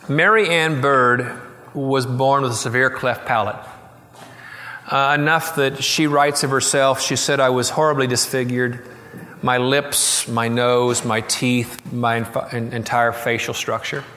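A middle-aged man preaching a sermon, telling a story and quoting it with slow, soft emphasis. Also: medium pitch, steady tone, long reverb tail. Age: middle-aged or older. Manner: storytelling, quoting, slowing and softening for tender moments. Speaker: pastor.

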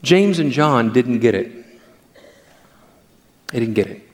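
A man's voice: medium pitch, expressive, takes it slowly, long reverb tail. An older male pastor who gives a sermon through playful anecdotes about family life.

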